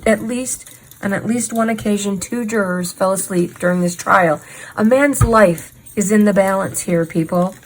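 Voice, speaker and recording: A woman's voice: mid-range voice, normal speed, poor audio. Indignant woman hosting a crafting chat. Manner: indignant, sarcastic, emphatic. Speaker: host. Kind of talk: casual true crime chat while crafting.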